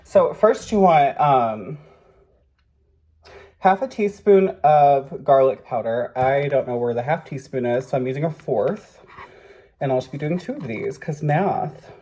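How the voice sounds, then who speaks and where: Man, casual cooking vlog host, rambling, swears, self-deprecating, mid-pitched voice, home kitchen. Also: expressive, unhurried, warm tone, slight background noise.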